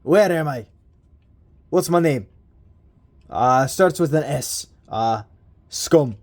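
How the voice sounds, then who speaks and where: A man's voice: on the high side, lively intonation, slow pace, darkish tone. A man voicing a confused, bumbling male robot who has just woken up, in a clumsy mock Scottish accent. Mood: bewildered.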